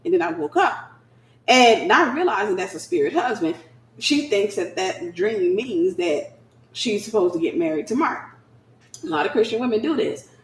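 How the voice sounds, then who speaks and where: A woman giving a lively, conversational Christian teaching, slipping into acted-out scenes. Her mid-pitched voice rings around a roomy, echoing space. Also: normal speed, a little hiss or hum. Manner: animated, conversational, acts out scenes. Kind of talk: preaching-style teaching. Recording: roomy echo.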